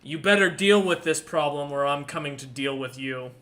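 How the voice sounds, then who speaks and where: A man's voice: fairly high pitch, normal speed, fairly bright tone, a little hiss or hum, lightly acted. A man voicing an irate male tiefling devil in a butler's suit, scolding and threatening. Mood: menacing.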